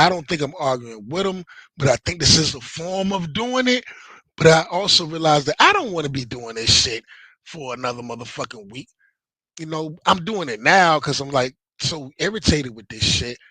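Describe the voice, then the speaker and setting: A man's voice: fairly high pitch, bright, forceful tone, breathy edge, no echo, low-quality recording. A man on a podcast, talking heatedly and profanely, repeating himself and acting out quotes. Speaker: podcast host. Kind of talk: heated casual chat.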